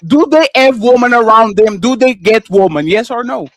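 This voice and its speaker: A man's voice: very high voice, moderate pace, no room sound. A man co-hosting a live panel show, speaking English as a second language, insistently cutting in and lecturing a guest in a heated debate. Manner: insistent, repeats "sir" to cut in, lecturing.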